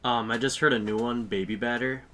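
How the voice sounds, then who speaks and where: Young male, fast wry teaser, casual chat. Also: medium pitch, steady tone, bright, forceful tone, slight background noise. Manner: wry, mocking. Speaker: podcast co-host.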